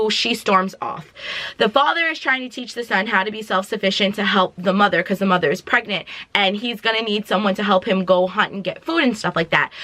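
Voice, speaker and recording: Woman, vlogger, chatty recap, bright voice, dry close mic. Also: on the high side, dry recording. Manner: animated, dramatic retelling with slang and asides. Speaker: vlogger reviewing a film. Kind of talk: casual chatty movie recap.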